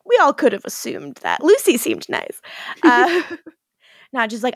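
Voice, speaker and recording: A woman's voice: a little high, very animated, unhurried, no echo, studio quality. A young adult woman hosting a podcast, recapping a TV episode in a chatty, giggly way and acting out quotes. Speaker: podcast host.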